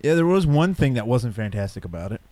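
A man's voice: mid-range voice, big pitch swings, quick pace, darkish tone, dry recording. A man co-hosting a casual podcast, telling a crude story with frequent laughs. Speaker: podcast co-host. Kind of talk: casual chat.

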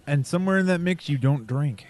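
A man's voice: fairly high pitch, expressive, a little fast, a crowd in the background. Wry man co-hosting a podcast. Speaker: podcast co-host. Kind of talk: casual banter.

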